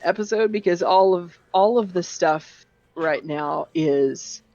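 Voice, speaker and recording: Low-voiced woman game master. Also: slow pace, a little mellow, no echo. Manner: casual, rambling with many fillers. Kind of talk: narrating a tabletop game. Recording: dull dry lo-fi audio.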